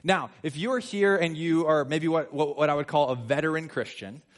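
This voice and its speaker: Animated preaching man, fairly high voice. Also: moderate pace. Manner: conversational, animated preaching with sudden emphatic swells. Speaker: pastor. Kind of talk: sermon. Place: church.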